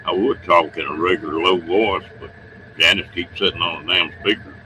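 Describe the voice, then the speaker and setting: A man's voice: low-pitched, steady tone, a little fast, noisy background. A man hosting a livestream, chatting casually with viewers in a folksy, chuckling way. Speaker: livestream host.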